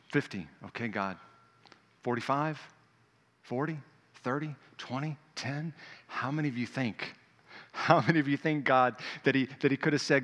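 A man preaching a sermon in a lively, conversational way, swinging between loud emphatic stretches and hushed quiet ones. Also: mid-range voice, long reverb tail. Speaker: pastor.

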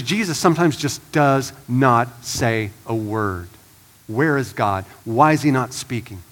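A man preaching a sermon as pastor, swinging from hushed and slow to loud and urgent. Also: mid-range voice, expressive. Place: church sanctuary.

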